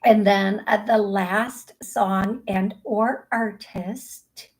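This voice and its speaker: A woman's voice: medium pitch, fairly even intonation, takes it slowly, few pauses, a little mellow, rough recording. A middle-aged woman hosting a psychic medium show, chatty and casual, with frequent restarts and easy laughter. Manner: chatty, laughs easily, many restarts and fillers. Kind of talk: live call-in show talk.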